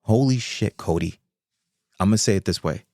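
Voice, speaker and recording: A man with a low-pitched voice, hosting his own podcast in an excitable, rambling rush. He swears freely and circles back on his points, and his voice sits close and dry with no room around it. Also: moderate pace, dry recording. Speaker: podcast host. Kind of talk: casual solo commentary.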